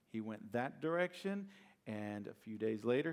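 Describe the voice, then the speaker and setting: A man's voice: lowish voice, measured pace, a little mellow. A male pastor preaching a sermon in a conversational, storytelling way, with plenty of rhetorical questions.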